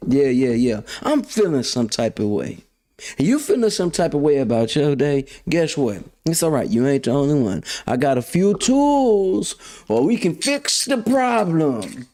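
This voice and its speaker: A man hosting his own show, ranting in a casual, slangy monologue that swings between loud outbursts and low mutters. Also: big pitch swings. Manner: slangy, drawn-out emphasis. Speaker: podcast host.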